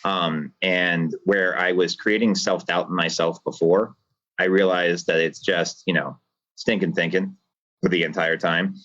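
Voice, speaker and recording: A man's voice: low-pitched, fairly even intonation, unhurried, a bit bright, no echo. A man, a cigar factory owner, guest on a podcast, talking at length with passion and some rambling over a video call. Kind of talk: earnest reflective monologue. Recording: dull lo-fi video call audio.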